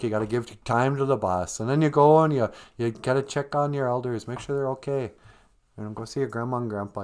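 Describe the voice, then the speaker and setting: A man with a clean-toned, mid-range voice hosts a livestream from home, chatting casually in a rambling, joking way.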